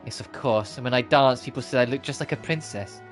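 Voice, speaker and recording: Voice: mid-range voice, brisk, faint music behind, lightly acted. A streamer voicing a haughty, self-admiring rich girl who speaks proudly and boastfully.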